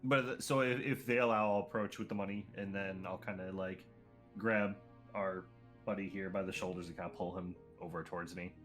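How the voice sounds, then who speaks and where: A man's voice: low voice, fairly even intonation, fairly quick, a bit bright, faint music behind. A young man playing in a tabletop game, talking casually and hesitantly. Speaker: player.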